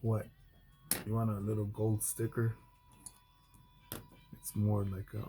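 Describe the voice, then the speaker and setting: Blunt, profane former Marine with a dark voice. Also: male voice, completely flat delivery, slow pace, long pauses, faint music behind. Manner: profane, blunt storytelling with many restarts; mimics others in a high mocking voice. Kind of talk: unscripted vlog monologue.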